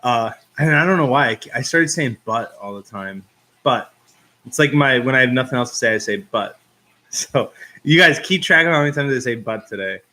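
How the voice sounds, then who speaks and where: A man's voice: medium pitch, expressive, normal speed, pushed and bright. A man hosting a casual live stream, greeting viewers one by one and reading out their comments, with easy laughs and plenty of "uh"s. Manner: chatty, reads out viewer comments and greets them; laughs at himself, frequent fillers.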